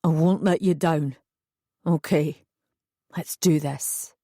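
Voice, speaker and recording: A woman reading an audiobook, voicing a tearful young man who speaks earnestly and quietly to his partner. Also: low-pitched, fairly even intonation, slow pace, no room sound, studio quality, voice pushed down, full character voice.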